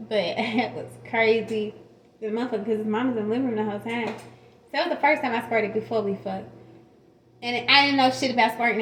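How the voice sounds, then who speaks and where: A woman's voice: on the high side, slight background noise. A woman telling a personal story to camera in a casual, frank and profane way, laughing often. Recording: roomy echo.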